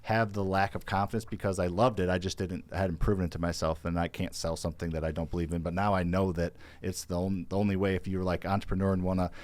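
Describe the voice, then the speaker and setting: A man's voice: sits low, level tone, fast, few pauses, a little mellow. A man co-hosting a podcast in casual chat, rambling and cutting himself off mid-sentence. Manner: rambling, self-interrupting. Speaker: podcast co-host.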